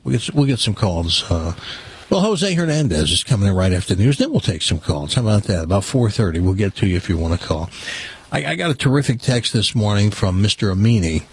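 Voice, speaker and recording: A man's voice: on the low side, brisk, husky. Chatty older male radio host. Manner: animated, chatty, opinionated. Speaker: radio talk show host. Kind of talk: casual radio talk.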